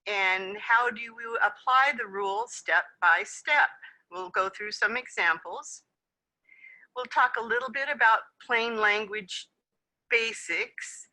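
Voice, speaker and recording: A woman's voice: medium pitch, slow, bright, forceful tone, low-quality recording. A woman presenting a conference session over a video call, explaining in a friendly way with some fillers. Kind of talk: webinar presentation.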